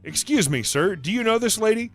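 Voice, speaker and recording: A man voicing a calm, formal store manager. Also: high-pitched, brisk, soft background music, pitched above the performer's own voice. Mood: polite. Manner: formal and courteous.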